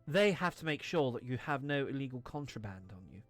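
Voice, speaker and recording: A man's voice: mid-range voice, very animated, a little fast, faint music behind, close to an everyday voice. A man voicing a strict young woman border guard with a put-on Russian accent, speaking in a clipped, officious way.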